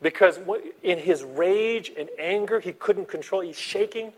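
A man preaching a sermon as a pastor, animated, swinging between soft asides and loud emphasis. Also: sits high, measured pace, husky.

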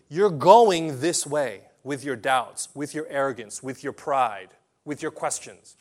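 Dramatic preacher man, slow and emphatic. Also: on the high side. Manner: dramatic, swinging from loud declarations to quiet asides. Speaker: pastor. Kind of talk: sermon.

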